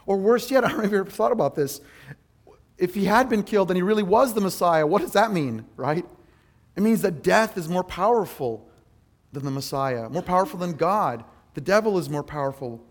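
High-voiced earnest male preacher. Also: brisk. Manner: earnest, self-deprecating, animated storytelling. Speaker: pastor. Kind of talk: sermon.

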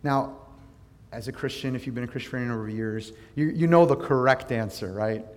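A man's voice: mid-range voice, fairly quick, long reverb tail. A man preaching a sermon as pastor, teaching in a conversational way, praying and putting questions to his listeners.

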